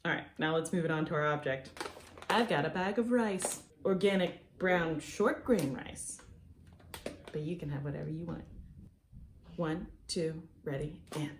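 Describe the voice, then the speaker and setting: A young woman leads a playful music lesson for kids, counting the beat aloud and cheering them on. Her voice sits on the low side. The recording has the echo of a bare room at home and a faint hiss underneath. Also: moderate pace. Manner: upbeat, encouraging, counts beats aloud. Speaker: music teacher.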